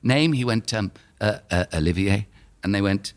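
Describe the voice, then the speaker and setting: This man speaks with a fairly low, clean voice, fairly even intonation and a moderate pace. He's an actor in his fifties with a London accent, guesting on a podcast and laughing as he shares casual anecdotes.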